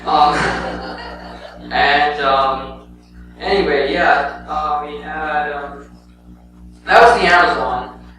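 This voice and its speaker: A young man with a slightly high voice gives a rambling, casual report on his church mission trip to the congregation, filling it with "um" and "anyway." His words are drawn out and his pauses long, and his tone is pushed and bright. Recorded from a distance in a very echoey church sanctuary, with a clear hum and faint music in the background.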